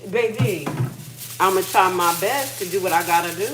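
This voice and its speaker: A woman's voice: on the low side, moderate pace, noisy background. A middle-aged woman, hosting a casual livestream chat from her kitchen and talking candidly with frequent swearing. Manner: candid, profane, emotional storytelling. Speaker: livestream host.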